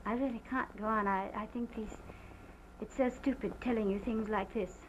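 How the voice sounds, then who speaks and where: An actress playing a distraught planter's wife who gives a halting, theatrical statement in an early sound film. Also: female voice, medium pitch, steady tone, natural voice. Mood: tense. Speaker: witness giving a statement. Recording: muffled 1929 film sound with faint hiss.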